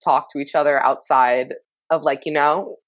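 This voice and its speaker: A woman's voice: sits low, steady tone, moderate pace, dry recording. A woman co-hosting a casual chat, blunt, swearing a lot and laughing often.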